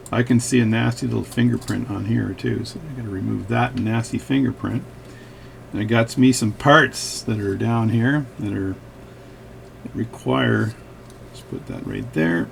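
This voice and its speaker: A man's voice: medium pitch, vocal fry, slight background noise. A man hosting a watch repair video, chatting casually with rambling, joking asides at his workbench.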